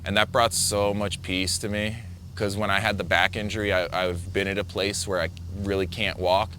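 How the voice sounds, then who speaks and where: A man's voice: deep voice, flat delivery, moderate pace, sharp tone, slight background noise. A young man, a big wave surfer, recounting a near-death wipeout in vivid, breathless storytelling full of fillers.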